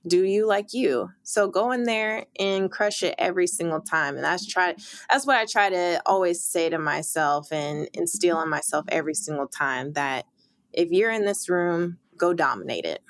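A woman's voice: lowish voice, animated, moderate pace, no room sound. A young woman sports reporter, interviewed, talking in upbeat, emphatic bursts with occasional laughs.

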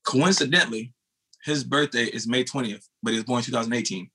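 With a medium-pitched voice and a fast delivery, an American ex-sprinter in his thirties narrates a race, and a little hiss or hum sits in the audio. He keeps it casual and animated, swearing and calling the host bro.

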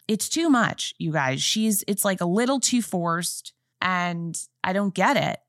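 A woman's voice: lowish voice, a bit bright, no echo, clean studio sound. A woman in her forties hosting a podcast, chatting casually and emphatically to her listeners. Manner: gushing, chatty and emphatic, talking straight to listeners. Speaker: podcast host. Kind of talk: casual chat recap.

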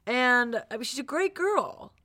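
A young woman co-hosting a podcast, telling a story in casual chat, animated and laughing often. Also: high-pitched, measured pace. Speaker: podcast co-host.

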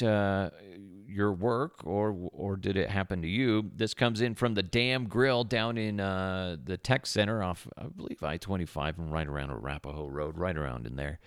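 A man hosting a podcast with a low, gravelly voice full of vocal fry. He rambles through stories with crude jokes and plenty of fillers. The sound is dry and close to the mic. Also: a bit bright, dry recording. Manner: jokey, rambling, crude humor, frequent fillers. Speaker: podcast host. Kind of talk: casual rambling storytelling monologue.

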